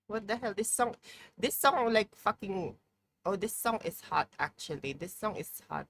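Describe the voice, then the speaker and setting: A woman's voice: medium pitch, expressive, moderate pace, fairly bright tone, slightly rough. A young woman chatting casually on a live stream, playful and mock-dramatic, swearing freely, from a room at home with a heater running. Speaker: livestreamer.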